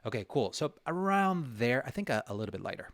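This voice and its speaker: A man's voice: medium pitch, sing-song, quick pace, a bit bright, no room sound. A man teaching a live drawing session in a casual way, thinking aloud, talking to himself and mocking himself playfully as he works. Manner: thinks aloud while working, talks to himself; chatty with frequent restarts and fillers. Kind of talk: casual livestream tutorial.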